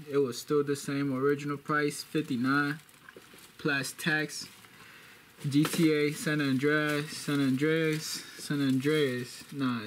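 Medium in pitch and a bit bright, this young man's voice carries a casual home vlog recorded on a camera mic. Boastful, he repeats phrases to pump up the hype, with noise in the background.

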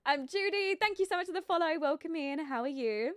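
A woman's voice: high-pitched, expressive, normal speed, over music. A young woman chatting casually while live-streaming a life-sim game, giggly and full of fillers as she greets viewers and reacts to the game. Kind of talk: casual gameplay commentary.

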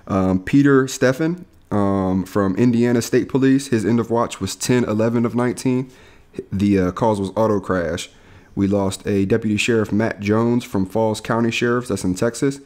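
This podcast co-host, a young man, tells stories in a laid-back way, laughing and dropping casual slang in what is basically a relaxed chat. His voice is lowish with a darkish tone.

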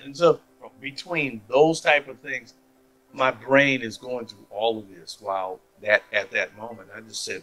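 A man's voice: mid-range voice, measured pace, fairly bright tone, rough recording. A man giving a personal faith testimony as a story, acting out the people he quotes. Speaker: testimony speaker.

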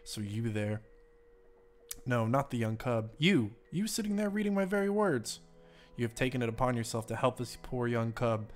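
A man reading, a hushed solemn spirit guide. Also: medium pitch, sing-song, normal speed, soft background music, close to an everyday voice. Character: solemn mystical older male guide.

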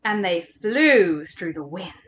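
Animated English woman reading to children. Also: lowish voice, slow pace. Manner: animated, coaxing children to join in. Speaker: education workshop leader. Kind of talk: interactive read-aloud for children. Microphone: home recording for online workshop.

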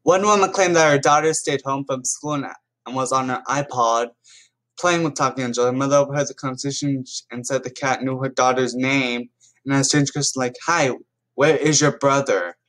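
A man's voice: medium pitch, steady tone, a little fast, a bit bright. A man giving casual reaction commentary as a YouTuber, chatting to viewers and reading stories aloud with small restarts.

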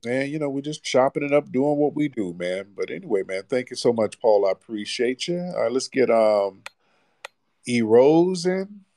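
A man's voice: medium pitch, expressive, normal speed, warm tone, dry recording, studio quality. A man hosting a late-night call-in show, talking bluntly in casual slang. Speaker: host. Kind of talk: live call-in radio show.

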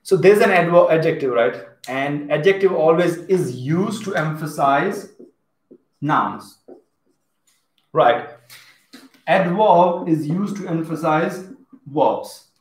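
A man's voice: fairly high pitch, slow pace, pauses often. A man with an Indian English accent teaching a live online English class, chatting and reading out viewers' comments as he goes. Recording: echoey room.

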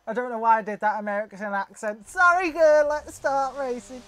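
A woman's voice: a little high, brisk. A woman hosting a casual let's-play, reacting to the game with frequent squeals and exclamations. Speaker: gaming video host.

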